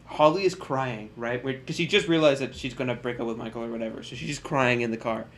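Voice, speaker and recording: A man co-hosting a podcast in casual chat, quick to laugh and mostly chiming in with short reactions. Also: medium pitch, slight background noise. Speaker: podcast co-host.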